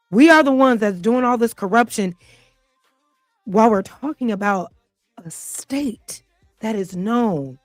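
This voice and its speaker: A woman's voice: mid-range voice, dry recording, studio quality. A woman hosting a casual reaction show, talking in a blunt, profane, heated way. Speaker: host.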